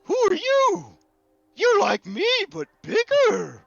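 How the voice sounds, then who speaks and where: A man's voice: very high voice, wildly swooping pitch, slow, gravelly, lo-fi sound, crowd noise, voice pushed up, full character voice. A man voicing Gus, an eager, chatty and simple-minded young male dinosaur rancher.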